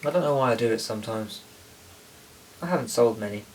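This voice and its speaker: A man's voice: mid-range voice, animated, brisk, slight background noise, poor audio. A man filming a casual making-of video, talking in a rambling way that halts and restarts often. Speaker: musician filming a making-of documentary. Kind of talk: casual chat.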